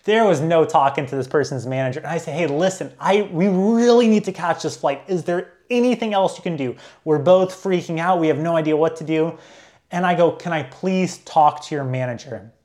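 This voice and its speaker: A man's voice: fairly high pitch, fairly quick, a little mellow. A young man, a travel vlogger, telling a story casually, full of filler likes and restarts.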